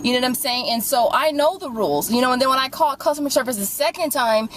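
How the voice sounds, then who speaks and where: Sitting in a parked car, a woman with a high voice talks quickly with lively intonation, ranting angrily to camera about a couponing incident. She swears heatedly and plays both sides of the argument, on a low-quality recording with a little hiss or hum.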